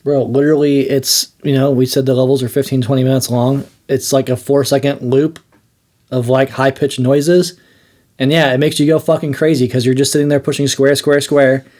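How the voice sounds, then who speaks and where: A man's voice: medium pitch, level tone, moderate pace, a little mellow. A young man co-hosting a casual gaming podcast. He talks loosely, swearing, joking and slipping into silly impressions as he riffs. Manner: swears, jokes, acts out silly voices. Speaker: podcast co-host. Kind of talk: casual chat.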